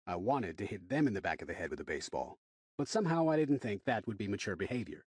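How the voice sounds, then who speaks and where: Expressive male audiobook narrator, husky. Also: fairly low pitch, quick pace, no room sound. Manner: wry, expressive storytelling. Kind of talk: first-person audiobook narration.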